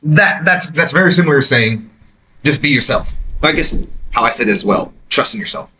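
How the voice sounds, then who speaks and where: A man hosting his own podcast, reacting to a clip with emphatic, animated commentary from a quiet, empty room. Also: a little fast, poor audio. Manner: animated, emphatic, jumps to high exclamations. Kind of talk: reaction commentary, casual monologue.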